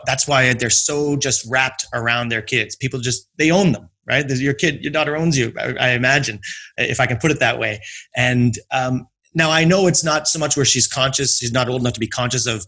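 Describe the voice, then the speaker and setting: A man's voice: medium pitch, bright, forceful tone. A man hosting a podcast interview, thinking aloud through long questions with frequent restarts. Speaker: podcast host. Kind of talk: conversational interview.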